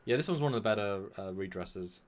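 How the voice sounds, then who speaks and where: A man co-hosting a casual chat, recapping a story from memory in a rambling, animated way with sudden jumps in pitch. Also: quick pace, a crowd in the background. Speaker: podcast co-host recapping an episode from memory.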